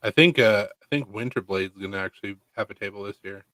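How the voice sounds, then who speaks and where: Relaxed man chatting casually. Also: on the low side, quick pace, no room sound. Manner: relaxed, muttering asides. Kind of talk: casual chat.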